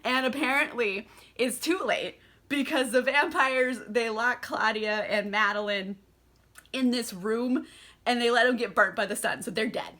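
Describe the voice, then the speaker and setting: A tipsy woman giving a casual book recap, animated, swearing and laughing often. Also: fairly high pitch, a little slow. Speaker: book reviewer.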